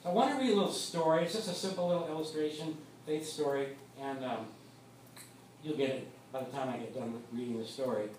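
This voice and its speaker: A man's voice: a little high, fast talker, a little mellow, slight background noise. A man preaching a sermon as pastor, speaking in a conversational way and often repeating words as he starts a thought. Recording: echoey room, from far off.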